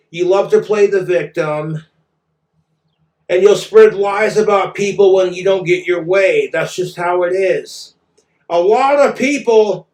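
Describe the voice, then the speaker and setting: A man's voice: high-pitched, echoey room. A man ranting in a vlog monologue, aggrieved and profane. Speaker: vlogger.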